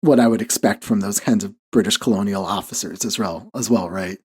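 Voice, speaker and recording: A man's voice: lowish voice, brisk, breathy edge. A man hosting a podcast, telling a story in loose casual chat, full of "like" fillers and small chuckles. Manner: rambling, heavy on "like" fillers, chuckles often. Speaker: podcast host.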